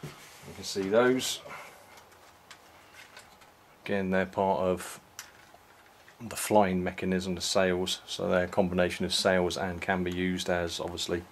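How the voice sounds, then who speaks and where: A man casually walking through a toy set, unhurried, with many ums and restarts. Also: low-pitched, level tone, a little hiss or hum. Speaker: toy reviewer. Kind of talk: casual product walkthrough.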